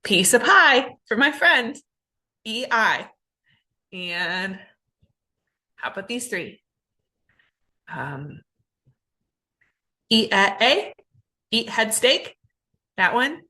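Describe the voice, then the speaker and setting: Slow, bright-voiced woman teaching phonics. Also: a little high, sing-song. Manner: slow, deliberate sound-by-sound modeling. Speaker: ESL teacher. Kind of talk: phonics drill lesson.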